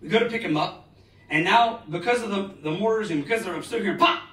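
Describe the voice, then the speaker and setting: A man in his forties giving a live motivational talk, telling stories dramatically with bursts of loud emphasis. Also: high-pitched, fast talker. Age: 40s. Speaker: motivational speaker. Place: large lecture hall. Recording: roomy hall, distant mic.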